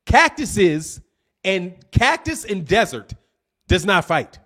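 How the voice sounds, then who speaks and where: A man with an unusually high voice hosts a casual livestream. He rambles quickly and teases his viewers with cocky trash talk, often restarting his sentences. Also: big pitch swings, fairly bright tone. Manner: cocky, teasing, trash-talking; fast, rambling, with restarts and laughs. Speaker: livestream host.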